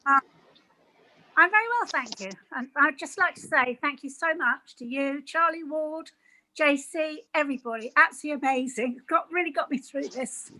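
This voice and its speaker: A woman's voice: high-pitched, normal speed, sharp tone, no room sound, low-quality recording. A woman who works as a caregiver, earnestly telling an emotional personal story on a video call.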